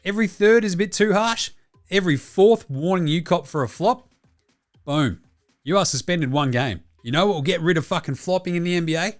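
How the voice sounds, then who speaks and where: A man's voice: high-pitched, a little fast, faint music behind. An Australian man hosting a solo sports talk show, bluntly rambling and swearing constantly as he reads out listener messages. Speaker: podcast host.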